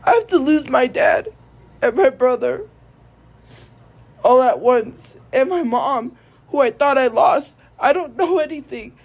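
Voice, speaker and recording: A young woman streamer speaking to viewers in a tearful, halting way, grief-stricken and repeating herself. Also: sits high, expressive, breathy edge, muffled recording. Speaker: live streamer. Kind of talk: emotional monologue to viewers.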